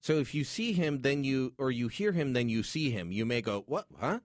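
A man hosts a call-in show with lively, swooping intonation, joking and opinionated. The sound is close and dry from a studio microphone, with no room around him. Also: medium pitch, moderate pace, dry recording. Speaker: radio talk show host. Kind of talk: call-in talk radio. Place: radio studio.

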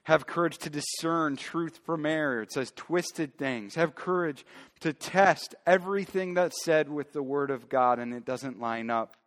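A man's voice: a little high, a little slow. Emphatic preaching man, reverberant hall. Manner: emphatic preaching, swinging between loud declarations and quiet asides. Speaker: pastor. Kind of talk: sermon.

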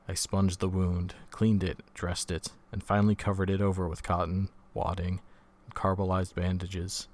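Low, flat-voiced male reader. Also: moderate pace. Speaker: audiobook reader. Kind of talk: scripted narration.

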